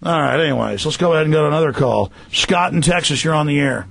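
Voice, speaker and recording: A man's voice: a little high, fast talker, creaky, a bit bright. A man hosting a radio talk show, ranting in a fiery, confrontational way.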